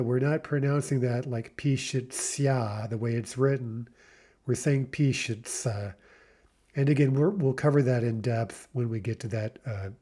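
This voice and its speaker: A man teaching a recorded beginner language lesson, patiently explaining and repeating phrases slowly for learners. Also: medium pitch, warm tone.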